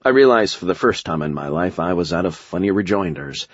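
A man's voice: low-pitched, lively intonation, brisk, no room sound, lo-fi sound. A man reading a first-person action audiobook with a wry, sardonic manner. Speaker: audiobook narrator.

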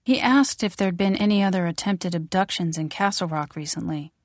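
A woman narrating plays a congresswoman who stays composed and guarded, answering in short, controlled phrases. The voice sits slightly low for a woman, recorded close and dry. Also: fairly quick, dry recording, close to an everyday voice.

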